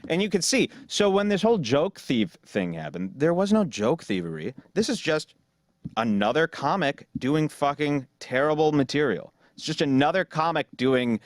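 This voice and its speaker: A man hosting a podcast talks in a blunt, sarcastic way, swearing freely. His pitch swings widely as he rants. The sound is dry and close. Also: sing-song, moderate pace, no room sound. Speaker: podcast host. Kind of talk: casual podcast chat.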